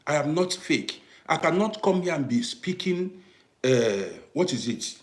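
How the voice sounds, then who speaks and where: Livestream host, a man with an African English accent, emphatic and repetitive, with a slightly high voice that swings widely. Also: animated, a little slow, roomy sound. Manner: emphatic, repeats "do you understand me", swings from quiet to loud bursts. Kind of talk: live-streamed commentary to viewers.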